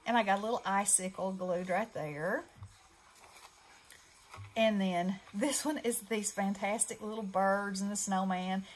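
A middle-aged woman who hosts a craft channel chats casually while showing off her handmade projects, rambling and using fillers. Her medium-pitched voice has fairly even intonation and a slightly slow pace. The recording is rough, with a little hiss or hum.

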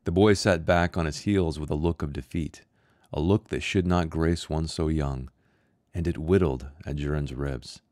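Deep-voiced man reading a short story. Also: fairly even intonation, darkish tone, no room sound, clean studio sound. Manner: measured, somber narration. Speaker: author and host. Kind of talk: reading his own short story aloud.

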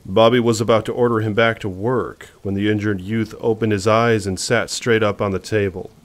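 A man narrating a novel as an audiobook, in a measured, suspenseful reading. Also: lowish voice, fairly even intonation.

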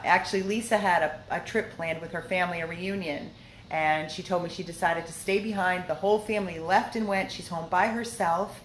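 A woman who runs a dog rescue, giving a heartfelt, chatty video update from the rescue house on her phone, with lots of fillers. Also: medium pitch. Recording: echoey room with faint noise.

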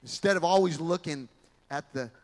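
Man, pastor, animated sermon storytelling, slightly high voice, long church-hall reverb. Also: normal speed. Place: large church sanctuary.

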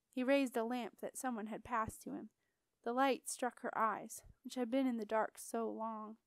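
A woman narrating a fantasy novel aloud in a steady, expressive storybook reading. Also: a little high, normal speed, smooth, no room sound. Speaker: audiobook narrator.

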